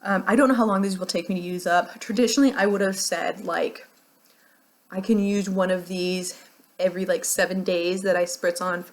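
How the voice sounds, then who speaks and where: A woman's voice: on the low side, fairly even intonation, moderate pace. An American woman talking casually through a beauty project, chatty and rambling with frequent laughs. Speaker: beauty vlogger. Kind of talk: casual product chat.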